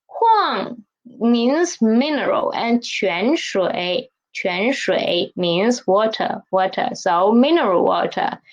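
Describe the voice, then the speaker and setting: Slow, patient woman teaching Chinese. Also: medium pitch, lively intonation, muffled recording. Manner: slow, questioning teacher talk with repeated drills. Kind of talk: online language lesson.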